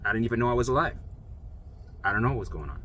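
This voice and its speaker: A man telling his own story in a casual, animated monologue, acting out what others said, swearing freely and often checking in with "right?". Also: mid-range voice, rapid-fire, low-quality recording. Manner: animated, acts out quoted voices, swears freely; frequent "right?" check-ins to listener. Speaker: vlogger sharing recovery story.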